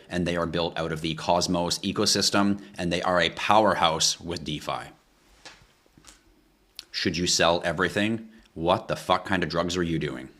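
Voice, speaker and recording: Here a man with a low, somewhat bright voice hosts a crypto livestream, ranting heatedly in casual talk. He peppers viewers with rhetorical questions, begs them directly, and swears a lot.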